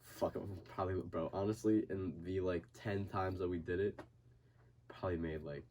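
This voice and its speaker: A man's voice: low-pitched, steady tone, moderate pace, dark tone, slight background noise. A young man in casual podcast chat, telling a story full of swearing and acting out his friend's panic. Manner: swears constantly, acts out friends' panicked voices. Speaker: podcast guest, boxer.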